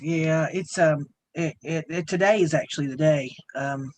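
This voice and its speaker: A woman's voice: low voice, normal speed, a little mellow, slight background noise. Folksy Southern woman chatting on a livestream. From Southern United States. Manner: chatty, folksy, rambling with frequent restarts. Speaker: co-host. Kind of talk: casual livestream round-table chat.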